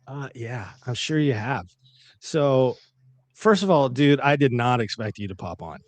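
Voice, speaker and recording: A man's voice: medium pitch, animated, a little slow, no echo. A man hosting a casual live stream, chatting and retelling a story with acted-out quotes. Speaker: livestream host.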